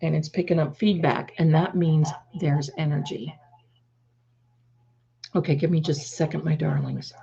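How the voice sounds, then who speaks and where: A woman's voice: low-pitched, fairly even intonation, normal speed, vocal fry, long pauses, warm tone, slightly rough, highs cut off. A woman hosting a tarot livestream in casual chat, affectionately calling her viewers "my darlings" while fiddling with her setup.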